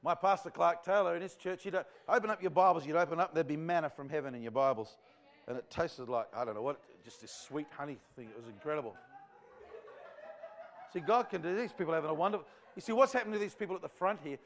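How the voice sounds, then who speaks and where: Fervent preacher, higher voice. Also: male voice, quick pace. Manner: fervent, rambling, conversational preaching. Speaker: visiting evangelist. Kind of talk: revival sermon to a live congregation. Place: church before a congregation.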